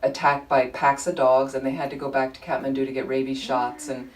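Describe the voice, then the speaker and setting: A woman leading a Buddhist study group, telling anecdotes in an informal, animated way. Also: rumbling low, a little fast, recorded from a distance, a little hiss or hum, low-quality recording. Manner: chatty, animated storytelling with frequent laughter. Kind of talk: informal teaching talk with anecdotes. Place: group meeting room.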